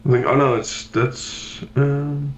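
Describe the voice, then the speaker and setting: A man's voice: medium pitch, steady tone, takes it slowly, slight background noise. A man playing in an online tabletop game, hesitant and stumbling over his words, on a dull call mic. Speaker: player.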